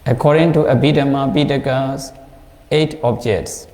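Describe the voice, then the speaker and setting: A male Buddhist monk with a Burmese accent, teaching a class and explaining points slowly with a lot of repetition. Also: medium pitch, fairly even intonation, a little mellow, echoey room, long reverb tail. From Myanmar.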